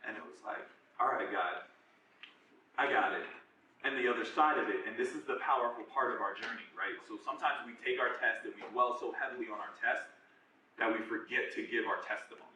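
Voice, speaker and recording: A man in his twenties giving a casual, animated personal testimony as guest speaker at a church group. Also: medium pitch, brisk, slight background noise. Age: 20s. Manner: casual, conversational, animated retelling with slang. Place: large echoey room at a church singles group. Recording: echoey room, voice from far off.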